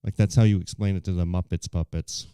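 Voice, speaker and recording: A man's voice: low-pitched, steady tone, fairly quick, mellow, clear, resonant tone, dry recording, studio quality. A man from the United States co-hosting a podcast in a laid-back way, dropping short replies and wry jokes. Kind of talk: casual podcast chat.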